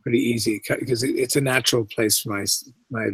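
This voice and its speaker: A man's voice: mid-range voice, steady tone, a little fast, fairly bright tone, breathy edge, poor audio. A middle-aged man from Canada with a faint English inflection in his speech, chatting loosely as an interview guest and often restarting his sentences. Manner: rambling, many restarts and asides. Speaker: guest actor. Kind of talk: casual interview chat.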